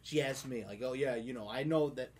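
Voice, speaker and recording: A man's voice: medium pitch, brisk, a little mellow, slight background noise. A man with a Boston accent in casual chat, laughing often and acting out the people in his stories. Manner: laughs often, tells stories with impressions of others.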